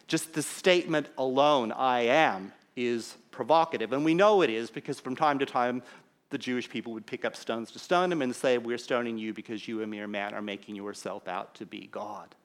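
Man preaching an explanatory sermon. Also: medium pitch. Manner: explanatory, emphatic teaching with pauses. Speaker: pastor.

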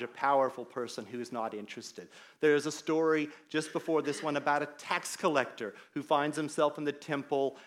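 Animated pastor preaching. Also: male voice, mid-range voice. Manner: animated storyteller, acts out quoted voices. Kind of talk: sermon with personal anecdote.

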